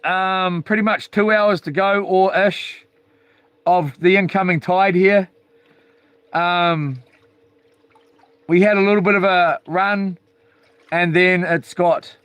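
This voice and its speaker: A man's voice: high-pitched, fairly even intonation, slow pace, long pauses, fairly bright tone, clean tone, no echo. A man hosting a casual live stream outdoors by the sea at night, rambling and hesitant with many ums. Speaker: channel host live-streaming.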